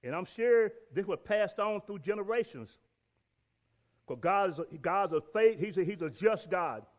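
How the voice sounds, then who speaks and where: A man's voice: high-pitched, expressive, moderate pace. A man teaching a Bible lesson and reading scripture aloud, emphatic and repeating key words for stress.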